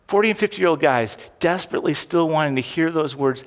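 A man's voice: fairly high pitch, expressive, brisk, hardly any pauses. A man preaching a sermon as a pastor, talking in an earnest, conversational way and asking the congregation many rhetorical questions. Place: church sanctuary. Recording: long reverb of a large hall.

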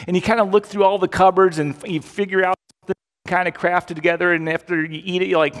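Male pastor, conversational sermon delivery, leans on repetition, a touch high, recorded in a reverberant sanctuary. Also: a little fast. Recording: long hall reverb.

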